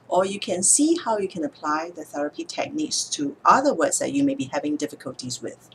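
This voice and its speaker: A woman speech therapist explaining speech techniques in a calm, measured way, sometimes slowing down to show a word's stress. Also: on the low side, a little hiss or hum. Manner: calm, measured, demonstrates words slowly with stress. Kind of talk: instructional explanation to camera.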